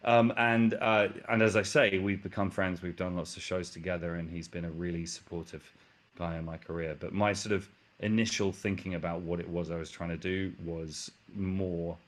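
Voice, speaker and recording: Very deep-voiced English man, rambling. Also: steady tone, moderate pace. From England. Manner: rambling, self-correcting, swears casually. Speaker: guest musician. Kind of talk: casual interview chat.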